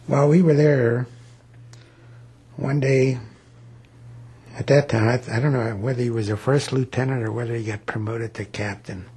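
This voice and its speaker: A man's voice: mid-range voice, mellow, slightly rough. A man in his eighties, a war veteran, recalling his wartime days in a plain-spoken, rambling oral history. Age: 80s.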